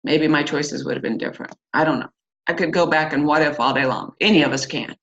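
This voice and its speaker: The middle-aged woman hosting this church singles class has a deep, slightly bright voice and a quick pace. Her talk to the group is casual and candid, with many fillers and asides, recorded in slightly dull lo-fi.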